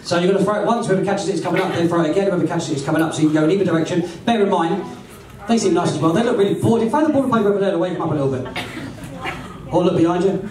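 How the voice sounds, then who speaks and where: A man's voice: sits high, very fast, darkish tone, far from the mic. A man performing a live comedy magic show, teasing and bantering with volunteers. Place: large indoor hall with an audience. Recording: roomy hall, voice from afar, audience noise.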